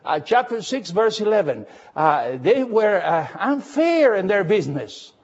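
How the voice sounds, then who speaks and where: A man preaching a Bible study, lively and emphatic, full of fillers and questions to his listeners. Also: sits high, measured pace, dull audio. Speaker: pastor. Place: church, recorded for radio.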